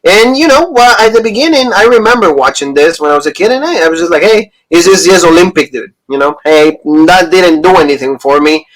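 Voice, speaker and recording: Male co-host, 30s, fairly high voice, loose rambling recap style. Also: brisk, hardly any pauses, a bit bright, low-quality recording. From Pennsylvania. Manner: rambling, retelling stories with quoted lines. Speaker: podcast co-host. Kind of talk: casual review chat.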